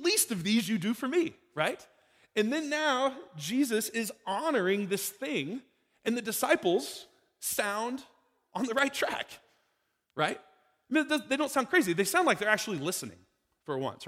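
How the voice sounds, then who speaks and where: Lively preaching man, echoing hall. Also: high voice. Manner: conversational preaching, rhetorical questions to the congregation. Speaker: pastor. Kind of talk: sermon.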